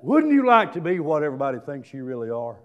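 High-voiced older preacher. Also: male voice, sing-song, fast talker, muffled recording. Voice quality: high-pitched, rising to shouts. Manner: folksy storytelling, drawling fillers. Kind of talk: sermon.

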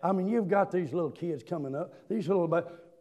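An older man preaching a sermon, telling folksy stories with drawn-out fillers and climbing into shouts. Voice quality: high-pitched, rising to shouts. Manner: folksy storytelling, drawling fillers.

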